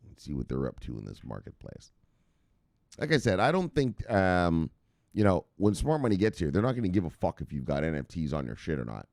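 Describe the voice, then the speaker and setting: A man's voice: low-pitched, huge pitch swings, a little fast, creaky, darkish tone, no room sound, studio quality. A man hosting a crypto news show, reading articles aloud and riffing on them in a profane, rambling way. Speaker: crypto news channel host.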